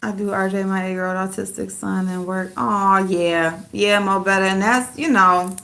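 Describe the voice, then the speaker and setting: A woman's voice: mid-range voice, steady tone, normal speed, vocal fry, pushed and bright. A woman vlogger chatting casually and loosely with her viewers, rambling and laughing often. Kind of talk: casual live chat with viewers.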